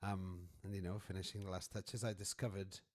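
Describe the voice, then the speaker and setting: A man who teaches school drama, chatting casually in a soft-spoken, wry way. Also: low voice, little pitch movement, a little fast. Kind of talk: casual group chat.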